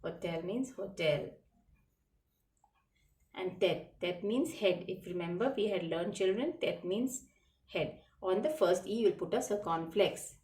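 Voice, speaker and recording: Spelling French words out letter by letter, a teacher patiently and slowly takes children through a lesson. She has a middle pitch, a darkish tone and lively intonation. She is recorded from a distance, away from the mic, with roomy echo around her.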